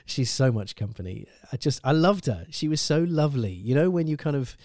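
A man's voice: medium pitch, expressive, a little fast, a little mellow, no echo. Effusive male podcast host, dry close sound. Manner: enthusiastic and effusive, heaps praise on guests. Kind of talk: casual chat and spoken links between clips.

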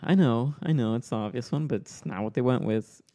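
A man with a mellow, relaxed voice hosts a casual podcast. He walks through comic panels one by one and reads out the lines of dialogue in between. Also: medium pitch, fairly quick. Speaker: podcast host reading comics. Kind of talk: casual chat.

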